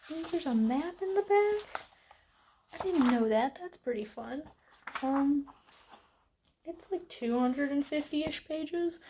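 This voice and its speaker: High-voiced young woman vlogging casually. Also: a little mellow. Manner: chatty, rambling, many likes and ums. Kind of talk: casual vlog talk to camera.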